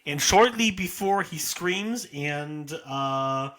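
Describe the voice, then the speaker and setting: A man's voice: on the high side, animated, slow, fairly bright tone. A man co-hosting a podcast, chatting casually about a horror movie, often stammering and restarting his sentences. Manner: stammering restarts, frequent agreeing "yeah". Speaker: podcast co-host.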